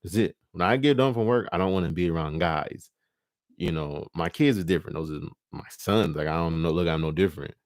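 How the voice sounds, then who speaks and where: A man hosting a live stream, talking casually and profanely, animated and laughing often as he acts out scenes. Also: low-pitched, fairly quick, dry recording, studio quality. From California.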